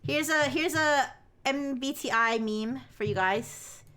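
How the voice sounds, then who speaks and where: A woman's voice: high-pitched, slow pace, sharp tone. A woman livestreamer chatting casually with her viewers, giggly and rambling with many restarts. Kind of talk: casual chat with stream chat.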